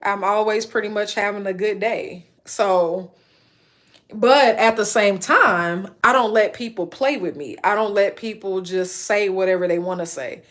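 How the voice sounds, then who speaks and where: A female livestreamer, late thirties, speaks straight to her audience in an informal rant, blunt and emphatic, piling up repeated lists to make her case. Her voice is medium-pitched and a little slow.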